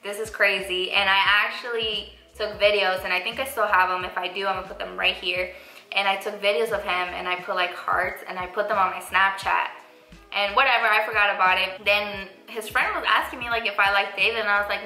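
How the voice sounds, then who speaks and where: A woman's voice: mid-range voice, fairly even intonation, fairly quick, bright, forceful tone. A young woman vlogger casually telling a story, chatty and full of "like" and "I was like". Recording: echoey room.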